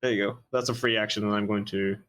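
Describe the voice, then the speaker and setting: A man's voice: on the low side, steady tone, fast, fairly bright tone, slight background noise. A man playing a tabletop game, reading the rules aloud and stumbling over restarts. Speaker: player. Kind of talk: casual tabletop game chat.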